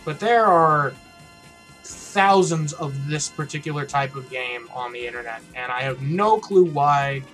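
A man's voice: fairly high pitch, a little slow, fairly bright tone, soft background music. A man hosting a gaming channel, giving casual commentary as he plays, blunt and mocking, with frequent swearing.

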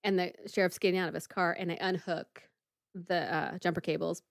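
A woman's voice: lowish voice, brisk, gravelly, no room sound, studio quality. A woman co-hosting a podcast, telling a story in casual chat, full of "like" and acting out the people in it. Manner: lively storyteller, many "like" fillers, acts out the people in the story. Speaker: podcast co-host.

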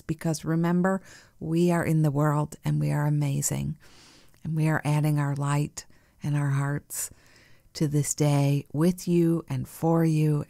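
A woman hosting a spiritual podcast in a soft, nurturing way, laughing easily and sometimes dropping to a whisper. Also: deep voice, dry recording, studio quality. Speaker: podcast host. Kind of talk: gentle spiritual podcast chat.

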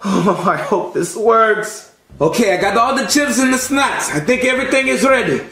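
A man voicing a boastful, excitable male cook who stammers and shouts. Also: high voice, moderate pace, background noise. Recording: roomy echo.

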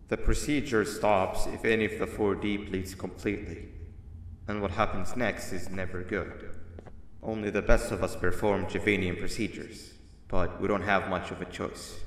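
An actor playing a calm male instructor giving measured, serious directions over a speaker in a game. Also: deep voice, a little hiss or hum, close to an everyday voice. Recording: roomy echo with long reverb.

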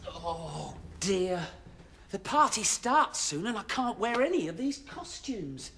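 A man's voice: high-pitched, very animated, slow, creaky, bright, forceful tone, a little hiss or hum, exaggerated voice. A man playing a cheerful, fussy engine driver in a children's show, talking to viewers with exaggerated expression. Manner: exaggerated, chatty, addresses viewers. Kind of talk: children's TV acting.

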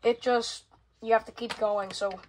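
Filmed on a phone in a room at home, with loud fan noise in the background, a fan-collecting vlogger casually narrates while fumbling with equipment and cursing often. Her voice is fairly high and steady, and she talks a little slowly in a rambling way.

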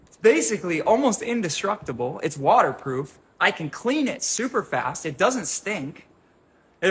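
A man, a holistic health coach, talking casually to a group and telling an animated story, acting out voices and gestures. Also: on the high side.

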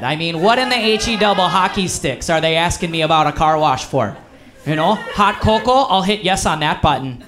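A man's voice: high-pitched, background noise. A man voicing an overconfident, long-winded small-town uncle with a folksy Wisconsin accent.

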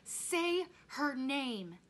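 A woman voicing a grieving boy who shouts and pleads in a storybook reading. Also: high-pitched, sing-song, very slow, voice pushed up, heavily acted. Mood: furious. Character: boy, grieving, furious at his father.

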